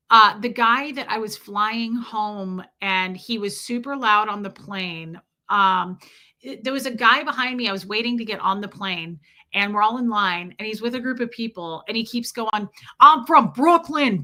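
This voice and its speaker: A woman hosting a casual livestream, reading out viewer comments and telling stories in a profane, animated way. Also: mid-range voice. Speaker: livestream host.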